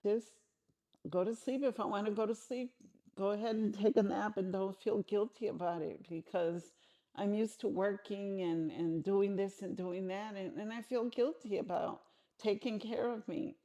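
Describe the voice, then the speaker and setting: Mellow-voiced middle-aged woman, frank. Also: mid-range voice, fairly even intonation, moderate pace. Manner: frank, conversational, frequent restarts. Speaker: interviewee. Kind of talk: candid interview answers.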